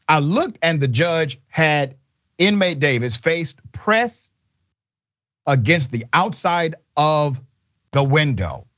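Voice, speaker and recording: A man's voice: fairly high pitch, a bit bright, muffled recording. A man hosting a news commentary show, emphatic and indignant, speaking in short punchy sentences. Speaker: show host.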